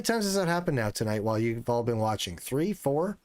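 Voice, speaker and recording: In a mid-range, sing-song voice with a darkish tone, a thirty-something streamer talks briskly and with few pauses as he plays a hunting game. He chats casually with viewers, swears when frustrated, and there's no room sound.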